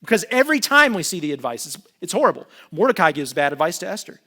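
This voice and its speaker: A man preaching a sermon as pastor, talking in a casual, animated way and joking with the congregation. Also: high-pitched, fast talker. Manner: conversational, animated, jokes with the congregation.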